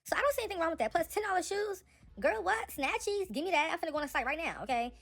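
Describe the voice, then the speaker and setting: A young woman giving casual, animated celebrity gossip commentary, talking straight to her viewers. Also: extremely high pitch, rapid-fire, vocal fry.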